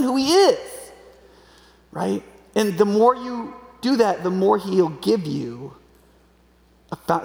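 High-voiced gravelly male preacher, echoey hall. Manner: conversational, keeps asking "right?"; acts out quoted voices with sudden pitch jumps. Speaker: pastor. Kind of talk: sermon. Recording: echoey hall with long reverb.

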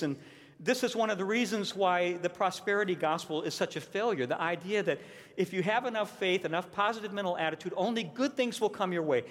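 Male pastor, emphatic sermon delivery, slightly high voice, recorded in a reverberant hall. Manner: earnest, emphatic, repeats key points. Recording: long reverb of a large hall.

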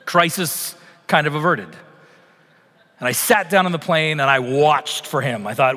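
A male pastor delivers a storytelling sermon, his voice sitting a little high for a man. He slips into lively, acted-out quotes as he tells the story. The sound carries a long reverb tail from a large hall. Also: unhurried. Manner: storytelling, animated when acting out quotes.

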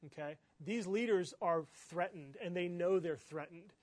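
High-voiced guy preaching, lots of "right?" and "okay?", dry close sound. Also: moderate pace, dry recording. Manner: rhetorical, keeps asking "right?" and "okay?". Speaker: pastor. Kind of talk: sermon.

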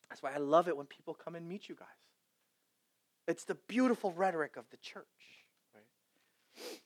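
Impassioned male preacher, loud then hushed. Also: fairly high pitch, expressive, normal speed. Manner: impassioned, swinging from loud exhortation to hushed storytelling; conversational asides to the congregation. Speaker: pastor. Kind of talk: sermon.

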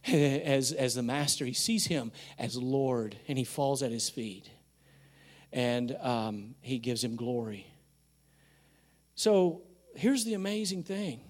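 This is a man delivering a sermon. His voice sits a little higher than most. He builds to shouting emphasis and then drops to near-quiet remarks. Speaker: pastor.

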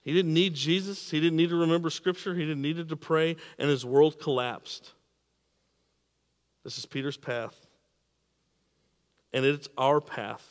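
A man preaching a sermon, repeating and restarting words, swinging between emphatic peaks and quiet drops. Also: medium pitch, big-room sound. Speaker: pastor.

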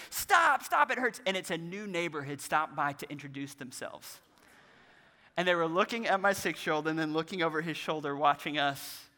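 A pastor in his thirties delivers a sermon with a bright, forceful edge and a slightly high voice. He tells stories earnestly and acts out the voices he quotes. His words ring out with a long reverb, as in a church sanctuary.

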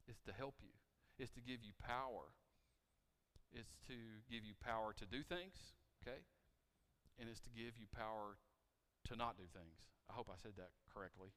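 A pastor preaches to his congregation in a church, his voice sitting a little low. He throws questions at the listeners, rising in force and then dropping to quiet appeals. The sound rings with the long reverb of the sanctuary. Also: normal speed. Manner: asks the congregation questions, swings between loud emphasis and quiet appeals. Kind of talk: sermon. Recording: reverberant church hall, mic cutting out.

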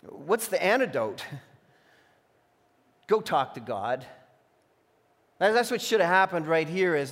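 A man preaching a sermon as a pastor, switching between emphatic declarations and hushed, imagined voices of temptation. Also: a little high, very animated, slow pace, pauses often. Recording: long reverb of a large hall.

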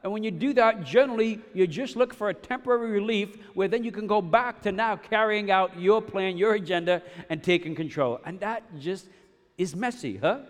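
A man delivering a sermon in a high-pitched voice that carries through a large, echoing hall. He swings between forceful, loud emphasis and quiet, intimate stretches. He keeps drawing his listeners in with quick asides like "yes?" and "right?". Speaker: pastor.

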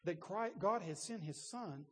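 A man's voice: sits high, expressive, a little slow, breathy edge. A man in his sixties preaching a sermon, telling a personal story in a conversational way with laughs and restarts. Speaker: pastor. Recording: long reverb in a large room.

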